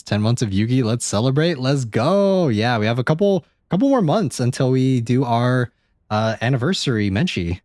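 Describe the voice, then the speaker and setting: A man streaming a horror game live, reacting out loud, swearing and chatting to viewers. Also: mid-range voice, sing-song, moderate pace, no echo, studio quality. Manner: jumpy, swears often, chats to viewers. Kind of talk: live gameplay commentary.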